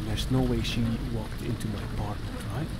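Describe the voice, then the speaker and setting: Playing a horror game, this young gaming host reacts jumpily and answers back to the characters on screen. His voice is on the low side, fairly even in intonation and a little fast, with vocal fry and faint background noise behind it.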